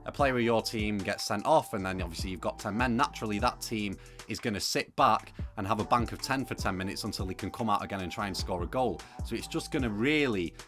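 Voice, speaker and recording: A young man delivers his football opinions straight to camera in a relaxed, chatty way, dotted with ums and asides. His voice sits on the low side. Soft music plays faintly beneath him. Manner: conversational, opinionated, with frequent fillers. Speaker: football video presenter.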